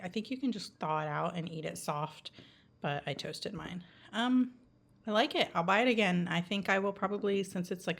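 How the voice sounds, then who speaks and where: A woman, chatting casually in a home vlog from her kitchen, rambling with fillers and a little out of breath. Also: mid-range voice. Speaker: vlogger. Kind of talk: casual chat. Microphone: handheld phone camera.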